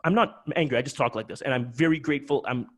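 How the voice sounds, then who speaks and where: A man hosting a live webinar, talking in an animated, emphatic way with many quick restarts. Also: mid-range voice. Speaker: webinar host.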